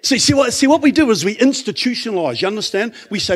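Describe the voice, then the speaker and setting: A middle-aged Australian man delivers a sermon in a high, expressive voice that leaps up and down. His tone is slightly husky, and his conversational style keeps asking the congregation questions. Faint guitar music plays behind him. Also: fast talker, few pauses. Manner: animated, conversational preaching with rhetorical questions. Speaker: pastor. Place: church.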